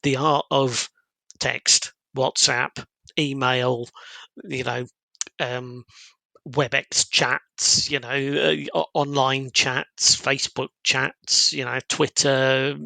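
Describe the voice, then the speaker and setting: Upbeat man with a gravelly edge. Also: mid-range voice, pushed and bright, dry recording, low-quality recording. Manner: upbeat, chatty, with many fillers. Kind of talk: casual podcast conversation.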